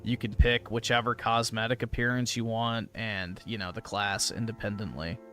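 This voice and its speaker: A man co-hosting a casual gaming chat, calmly pushing back with matter-of-fact points. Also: lowish voice, normal speed, faint music behind. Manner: calm, matter-of-fact, correcting. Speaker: co-host.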